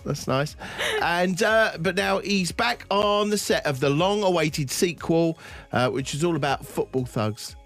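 Man, breakfast radio co-host, jokey, teasing, very animated pitch, faint music behind. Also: a little slow. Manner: jokey, teasing, bursts of laughter. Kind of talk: playful radio banter. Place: radio studio. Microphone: studio microphone.

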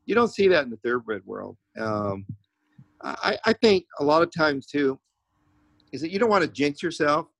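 A man's voice: fairly high pitch, lively intonation, normal speed, gravelly, fairly bright tone, no echo. A man who trains racehorses, a podcast guest telling stories in a rambling way with many restarts. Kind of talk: casual interview talk.

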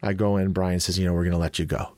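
A podcast host with a lowish voice tells a story in loose, casual chat, laughing often and acting out what others said. He is from Chicago. The sound is dry and close, with no room around it. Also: fast, no echo. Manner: animated, laughing storyteller who acts out quotes.

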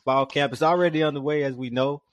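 Energetic male podcast host, dry sound. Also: on the high side, quick pace, no echo. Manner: lively, asks rhetorical questions. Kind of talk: casual sports podcast talk.

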